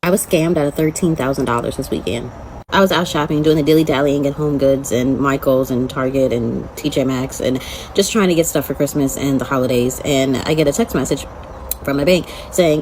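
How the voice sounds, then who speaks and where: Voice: medium pitch, fast talker, darkish tone, low-quality recording. A speaker races through the story of being scammed, quoting each call with rising exasperation. A faint hiss of noise sits under the voice. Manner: exasperated, quotes the callers. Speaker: scam victim. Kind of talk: fast casual storytelling.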